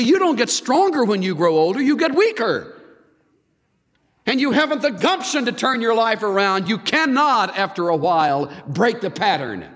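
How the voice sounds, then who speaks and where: A man preaching a sermon, reading scripture aloud and acting out quoted lines with an animated, swinging delivery. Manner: animated, swings high and low to act out quotes. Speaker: pastor. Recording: long hall reverb.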